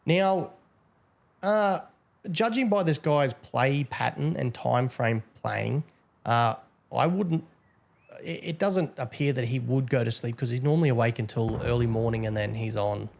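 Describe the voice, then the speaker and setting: Gravelly man with a lazy drawl. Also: mid-range voice, animated, moderate pace, darkish tone. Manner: drawling, chatty, teasing, with many fillers. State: tired, yawning. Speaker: game server admin. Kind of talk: casual gameplay commentary.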